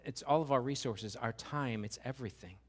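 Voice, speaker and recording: A man's voice: medium pitch, fairly quick. A man preaching a sermon as a pastor, emphatic and full of rhetorical questions, repeating phrases for weight.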